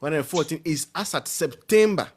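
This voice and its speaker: A man's voice: fairly high pitch, expressive, normal speed, husky. A man, carefully reading out figures from a report during a discussion.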